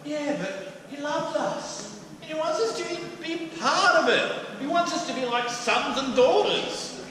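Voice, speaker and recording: An Australian man preaching a lively, jokey sermon in a church hall. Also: very high-pitched, unhurried. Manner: animated, jokey, acts out the master's lines. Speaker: pastor. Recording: echoey hall, mic from a distance, faint room hum.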